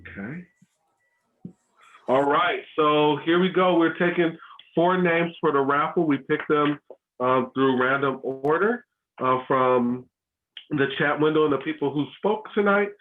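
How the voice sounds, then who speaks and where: A man's voice: on the high side, a little slow. Man hosting over a tinny video call. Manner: casual, many ums and restarts. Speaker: host of a school family learning session. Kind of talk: online workshop talk.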